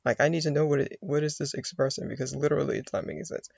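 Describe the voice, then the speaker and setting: A man's voice: on the high side, fairly even intonation, rapid-fire, gravelly, a little mellow, breathy edge, no echo, dull audio. A man from the United States, rambling casually in a monologue and acting out his own inner thoughts. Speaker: vlogger.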